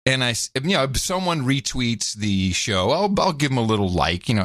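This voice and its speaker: A man's voice: medium pitch, fairly quick, dry recording, studio quality. A man co-hosting a podcast, chatting casually and telling stories with frequent laughs. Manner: animated storyteller, laughs often. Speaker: podcast co-host. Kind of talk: casual chat.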